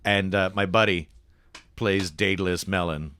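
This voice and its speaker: A man's voice: low voice, a little slow, smooth. A Canadian man, a comedian guest on a podcast, telling a story casually and acting out the voices of the people in it. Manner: animated, acts out voices.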